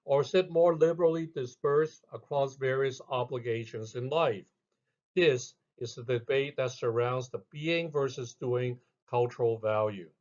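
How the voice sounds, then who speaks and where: A man narrating a scripted lesson in a measured way, reading out each heading with emphasis. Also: medium pitch, muffled recording. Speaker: instructor.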